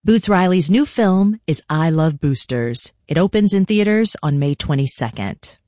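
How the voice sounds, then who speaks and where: A radio host announcing the next segment in a clear, scripted way. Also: medium pitch, lively intonation, unhurried, darkish tone, dry recording, clean studio sound.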